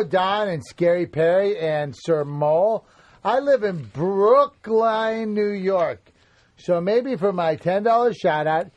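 A man co-hosting a comedy podcast, throwing in wry, deadpan asides. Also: sits high, dry recording, highs cut off. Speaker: podcast co-host. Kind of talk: comedic banter.

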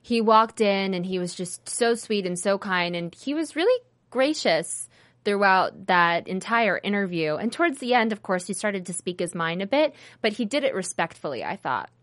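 Casting note: sympathetic woman co-host, lively pitch, dry close sound. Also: dry recording. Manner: agreeable, quick to chime in, sympathetic. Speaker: recap podcast co-host. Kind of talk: casual chat recapping a reality show.

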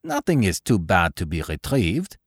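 A man voicing a middle-aged male baron, loud, excitable and hearty. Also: low voice, moderate pace, dry recording, clean studio sound, exaggerated voice. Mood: tickled.

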